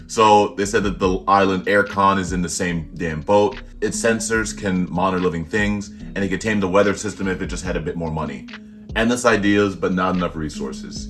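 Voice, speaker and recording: Deep voiced guy chatting casually about a comic chapter, faint music under him. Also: a bit bright. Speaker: co-host. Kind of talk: casual recap chat.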